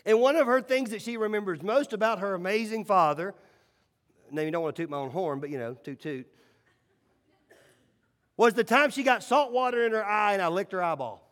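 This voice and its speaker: High-voiced man preaching in an echoey hall. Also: expressive, fairly quick, long pauses. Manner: storytelling, swings between loud and hushed. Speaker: pastor. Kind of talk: sermon.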